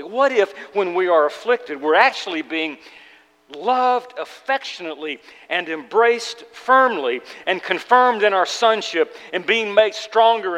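Male preacher, high voice, earnest and halting, long hall reverb. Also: bright, forceful tone. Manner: earnest, halting with repeated restarts. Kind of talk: sermon.

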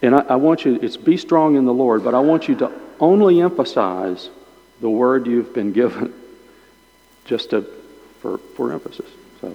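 A man's voice: medium pitch, lively intonation, normal speed, gravelly. A man teaching a Bible lesson to a small group, thinking aloud and often repeating his words. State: chewing gum in his mouth. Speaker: pastor leading a Bible class. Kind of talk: informal teaching sermon. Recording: dull lo-fi sound with long hall reverb.

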